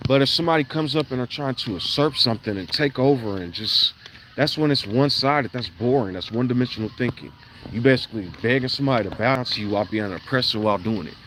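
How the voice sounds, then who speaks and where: A man, talking in a rambling, blunt monologue that swings into loud, emphatic bursts. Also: mid-range voice, slight background noise. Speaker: vlogger. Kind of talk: casual monologue on an evening walk. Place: outdoors at night.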